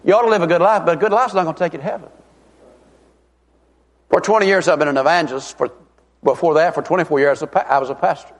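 A middle-aged man, preaching a revival sermon as an evangelist in a folksy, emphatic way, stretching out key words. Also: fairly high pitch. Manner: folksy, emphatic, drawn-out stresses. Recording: long reverb of a large hall.

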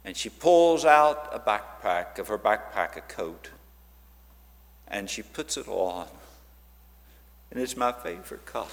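Animated man telling church stories in a hall. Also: on the low side, measured pace, gravelly, long pauses. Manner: animated storyteller who acts out quoted voices. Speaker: ministry speaker at a church. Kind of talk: storytelling church talk. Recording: long reverb of a large hall.

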